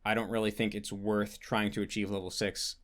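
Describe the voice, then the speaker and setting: A man's voice: fairly low pitch, flat delivery, brisk. Rambling man answering questions. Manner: rambling, restarts with many likes, explanatory. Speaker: host answering patron questions. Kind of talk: casual Q&A monologue.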